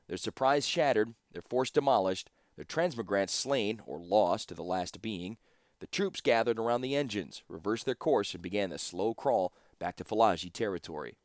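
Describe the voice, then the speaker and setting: A man giving scripted audiobook narration in a steady storytelling manner. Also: fairly low pitch, dry recording, studio quality.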